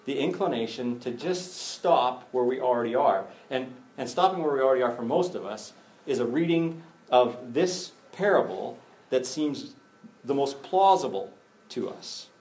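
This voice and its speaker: A man preaching a conversational sermon, animated, with jokey asides and acted-out bits of dialogue. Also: mid-range voice. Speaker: pastor.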